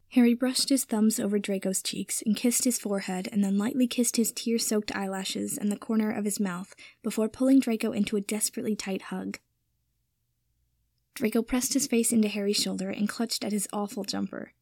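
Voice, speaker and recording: A woman narrating a story in a steady, even reading voice. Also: mid-range voice, moderate pace, no room sound, clean studio sound. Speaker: reader. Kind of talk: audiobook-style story narration.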